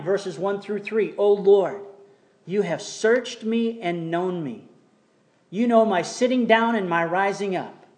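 A man preaching a sermon in a church, reading scripture slowly and telling a story between verses, sometimes dropping almost to a whisper. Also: high-pitched, darkish tone. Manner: reads scripture slowly, tells jokes, drops to near whisper. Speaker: pastor. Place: church sanctuary.

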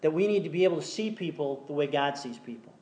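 A man preaching a sermon in a church, reading scripture slowly and telling a story between verses, sometimes dropping almost to a whisper. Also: on the high side, animated, a little mellow. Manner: reads scripture slowly, tells jokes, drops to near whisper. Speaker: pastor. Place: church sanctuary.

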